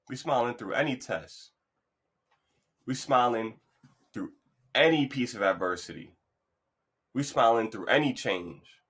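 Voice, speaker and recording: A man's voice: fairly low pitch, sharp tone. A man hosting his own podcast, talking loosely and encouragingly in a rambling, upbeat monologue into a podcast mic. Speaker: podcast host. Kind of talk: casual motivational monologue.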